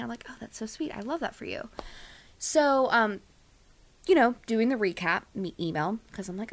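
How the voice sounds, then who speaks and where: A young woman co-hosts a casual podcast and tells stories with dramatic flair, acting out quotes as she goes. Her voice sits a little high and swoops widely as she talks. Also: moderate pace. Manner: animated, dramatic storyteller who acts out quotes. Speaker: podcast co-host. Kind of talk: casual storytelling chat.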